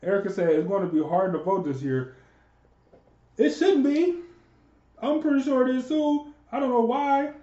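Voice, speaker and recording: A man co-hosting a podcast in casual political banter, animated and incredulous, laughing often. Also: extremely high pitch, moderate pace, long pauses. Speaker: podcast co-host. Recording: roomy, dull lo-fi sound.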